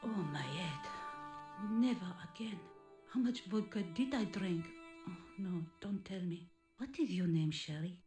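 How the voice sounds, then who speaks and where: A woman's voice: lowish voice, measured pace, over music, lightly acted. Actress playing a groggy French girl, thick put-on accent, echoey sampling, game voice. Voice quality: overdone, theatrical accent. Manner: blunt, sardonic remarks. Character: hungover, dazed young French woman. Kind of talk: 1990s point-and-click game voice acting.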